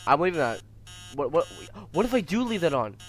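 A man's voice: fairly high pitch, sing-song, fairly quick, a little hiss or hum. Scared teenage boy gaming. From United States. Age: teens. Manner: jittery, frightened, talking to himself. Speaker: gamer streamer. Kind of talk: horror game commentary.

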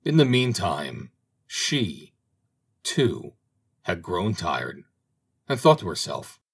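A man reading a fairy tale aloud as an audiobook narrator, in an expressive, dramatic way. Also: low voice, slow, gravelly, long pauses, slightly rough. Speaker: audiobook reader. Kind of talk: storybook narration.

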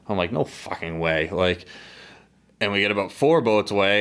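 A low-pitched man from the northeastern United States recounts a harpooning trip in casual podcast chat. He swears freely and turns animated when he tells the story. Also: brisk. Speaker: podcast guest, harpoon fisherman. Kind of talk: casual storytelling over beers.

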